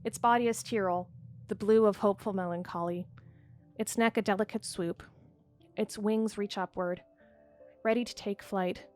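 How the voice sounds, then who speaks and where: Woman calmly reading game text aloud. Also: medium pitch, faint music behind. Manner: calm, measured narration, with hesitant, searching commentary. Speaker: let's play host reading a text game.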